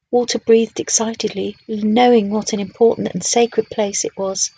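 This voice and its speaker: Husky-voiced woman reading a storybook. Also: medium pitch, steady tone, normal speed, few pauses, mellow, poor audio. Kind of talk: reading a children's book aloud.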